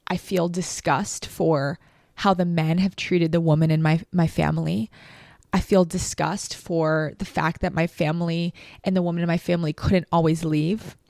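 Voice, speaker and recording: A woman's voice: on the low side, fairly even intonation, normal speed, vocal fry, darkish tone, no room sound, clean studio sound. A woman hosting a podcast, telling a personal story in an emotional, reflective way with lots of "like". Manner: emotional, reflective, heavy use of "like". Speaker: podcast host.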